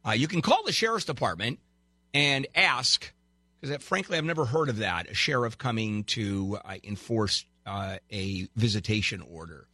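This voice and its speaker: A man's voice: lowish voice, expressive, normal speed, sharp tone, dry recording. A man hosting a call-in legal advice radio show, brash and teasing, giving callers blunt advice with wisecracks.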